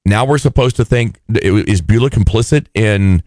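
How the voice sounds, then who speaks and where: A man co-hosting a casual podcast recap of a TV show, exasperated and animated in his complaints. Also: normal speed, no room sound. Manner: animated, exasperated, mocks characters in high put-on voices. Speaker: podcast co-host.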